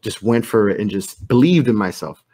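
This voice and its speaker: A man's voice: on the low side, animated, normal speed, warm tone. A young man hosting a podcast, talking reflectively in an easygoing way. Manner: reflective, easygoing, lots of fillers. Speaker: podcast host. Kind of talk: casual podcast conversation.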